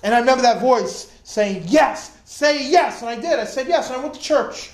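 High-voiced man preaching in an echoey room. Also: fast talker. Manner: storytelling, animated, acts out quoted voices. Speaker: preacher giving testimony. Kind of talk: sermon testimony.

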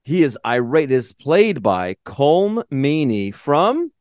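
A man's voice: a little high, no echo, clean studio sound. A man co-hosting a podcast, chatting casually and profanely as he recaps a movie, laughing often. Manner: profane, excitable, quick asides, laughs a lot. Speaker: podcast co-host.

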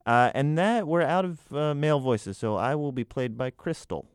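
A man's voice: mid-range voice, lively intonation, moderate pace, smooth, dry recording, studio quality. A man hosting a radio advice show, chatting casually in a playful, joking way. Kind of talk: casual chat.

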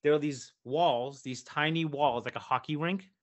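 A man in his fifties telling a long story in casual podcast chat, animated and profane, acting out the people in it. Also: a little high, normal speed. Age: 50s. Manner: animated, profane, acts out voices in his stories. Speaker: podcast co-host.

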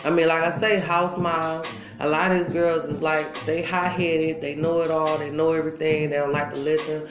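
A woman's voice: sits low, little pitch movement, normal speed. A middle-aged woman from Milwaukee, a former dancer giving an interview, telling stories in candid, slangy casual talk. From Milwaukee, Wisconsin. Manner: candid, slangy storytelling with frequent asides. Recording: echoey room with loud music behind.

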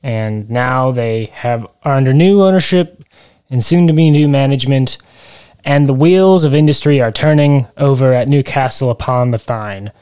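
A man's voice: mid-range voice, normal speed, mellow, smooth. A man co-hosting a podcast in casual chat, rambling and wry as he explains things. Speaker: podcast co-host.

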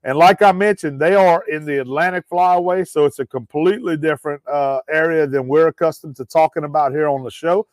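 A man's voice: fairly high pitch, fairly quick, hardly any pauses, no room sound. A man hosting a casual podcast in a folksy way, with lots of "uh" fillers, and calling his listeners guys. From Louisiana. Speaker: podcast host.

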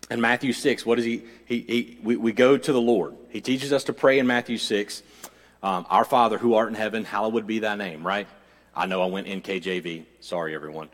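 A man pastor preaching a sermon, moving from conversational storytelling with jokey asides to fervent, repetitive declarations. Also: medium pitch. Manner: self-deprecating jokey asides. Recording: long reverb of a church hall.

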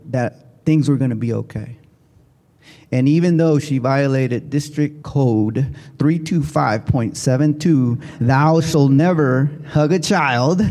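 A man giving a motivational keynote speech to educators, telling his story in an animated way with big swings in pitch and volume. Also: gravelly. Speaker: keynote speaker. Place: large conference hall. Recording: long hall reverb.

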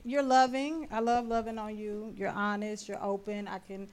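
A woman guest on a live podcast show, brash and quick to laugh, hesitating with "um" as she gives a heartfelt tribute to a friend. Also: mid-range voice, flat delivery. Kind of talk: casual banter, heartfelt tribute. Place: live stage show before an audience.

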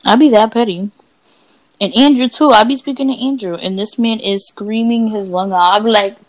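A woman's voice: a little high, moderate pace. Woman, blunt, profane, casual podcast chat. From Dominican family. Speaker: podcast co-host.

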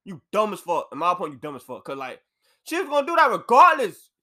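A man's voice: high voice, brisk. A young man hosting a podcast from an apartment, ranting casually in loose slang. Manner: loose, animated slang-heavy rant. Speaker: podcast host.

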